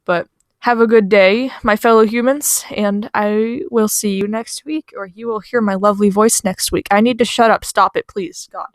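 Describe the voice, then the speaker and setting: A young woman telling funny childhood stories in a casual, rambling voice-over, mocking herself and drifting into quiet asides. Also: mid-range voice, fairly even intonation, normal speed, no echo, clean studio sound. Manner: rambling, self-deprecating, trails off into quiet asides. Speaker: storytime channel host. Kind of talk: casual storytime narration over a speedpaint. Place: small bedroom. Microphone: home recording mic, voice-over.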